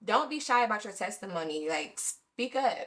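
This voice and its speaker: A woman's voice: medium pitch, expressive, moderate pace, a bit bright. A woman co-hosting a podcast, giving earnest, encouraging advice in casual chat. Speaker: podcast co-host.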